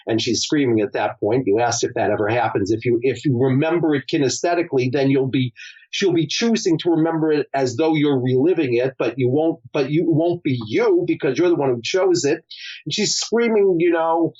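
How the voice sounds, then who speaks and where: A man's voice: fairly high pitch, normal speed, a little mellow, breathy edge, dull audio. A middle-aged male psychologist, a guest on an interview, explaining his method through a storytelling client case. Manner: storytelling, acts out client quotes.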